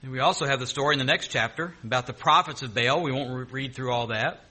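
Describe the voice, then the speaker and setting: A man preaching a sermon, retelling scripture with lively, joking asides between the verses he reads. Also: mid-range voice, fast, husky.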